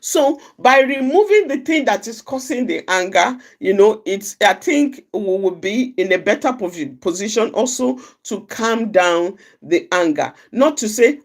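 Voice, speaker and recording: A woman's voice: on the high side, big pitch swings, a little slow, hardly any pauses. A middle-aged woman from Nigeria giving an informal advice talk, often repeating and restarting her phrases and acting out little quoted exchanges. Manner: repetitive, restarts phrases, acts out quoted dialogue. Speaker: outreach speaker.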